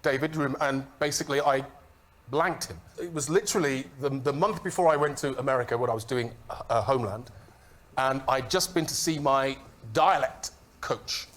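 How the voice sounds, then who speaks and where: A man's voice: medium pitch, normal speed, a bit bright. A man on a comedy panel show telling a story about himself, flustered and laughing as he defends it. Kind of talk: telling a comic anecdote.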